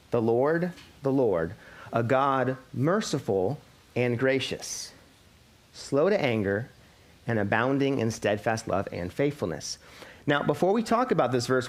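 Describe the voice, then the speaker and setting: A pastor in his thirties, medium-pitched, preaches a sermon to his congregation, explaining scripture and posing rhetorical questions.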